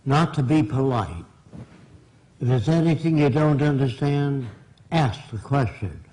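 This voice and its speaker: Blunt older New lecturer. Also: male voice, medium pitch, expressive, a little slow, dark tone, slight background noise, rough recording. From Brooklyn, New York. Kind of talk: public lecture.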